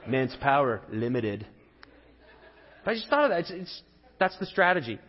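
A man's voice: mid-range voice, sing-song, moderate pace. A man in his thirties preaching a sermon as a pastor, telling a story in an earnest, conversational way with rising emphasis. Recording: dull lo-fi audio with long hall reverb.

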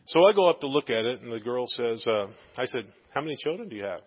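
A man tells a personal story from the pulpit, chatty and full of fillers as he acts out the dialogue. His voice is a little husky. The sound is muffled and rings with a long church-hall echo. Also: mid-range voice, fast talker. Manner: animated anecdotal, many fillers. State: tearful. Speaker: preacher sharing a testimony. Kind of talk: sermon storytelling. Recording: dull sound in a reverberant hall.

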